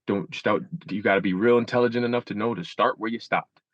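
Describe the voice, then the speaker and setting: A man in his thirties, appearing as a guest in a candid interview, talks fast and animatedly, acting out his inner dialogue with shifting pitch. The recording is dry and lo-fi.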